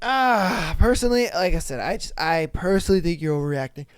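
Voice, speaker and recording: A man with a fairly high, resonant voice hosts a casual podcast. He reads a listener's story and then weighs in bluntly and with lots of animation, swearing freely. The sound is dry and close. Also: animated, fairly quick, clear, resonant tone, dry recording. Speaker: podcast host. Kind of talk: reading a listener story aloud and commenting.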